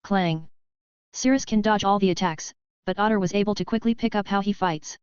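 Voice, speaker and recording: A woman's voice: medium pitch, fairly even intonation, quick pace, a little mellow, clear, resonant tone, no echo, dull audio. A woman giving a scripted novel narration, reading evenly and steadily. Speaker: audiobook narrator.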